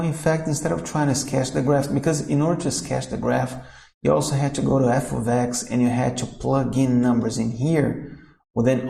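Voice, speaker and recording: A man's voice: medium pitch, gravelly, dark tone, reverberant. A man teaching a recorded math lesson, thinking aloud and correcting himself informally as he works.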